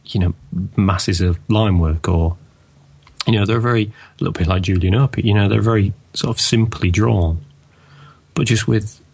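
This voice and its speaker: A man co-hosting a podcast, talking casually and hesitantly, with lots of pauses and fillers. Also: lowish voice, vocal fry, darkish tone, husky. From England. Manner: hesitant, lots of ums and you-knows. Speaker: podcast co-host. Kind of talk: casual chat.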